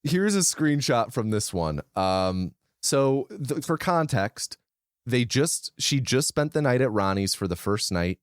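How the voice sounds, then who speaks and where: A man co-hosting a casual movie podcast, explaining things in an expressive, detailed way. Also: medium pitch, unhurried, clear, resonant tone, dry recording, clean studio sound. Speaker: podcast co-host.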